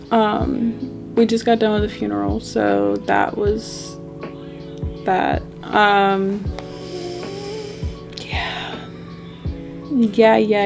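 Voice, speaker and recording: A woman's voice: a little high, vocal fry. A young woman book vlogger in a casual reading vlog, talking emotionally and gushing, with frequent swearing.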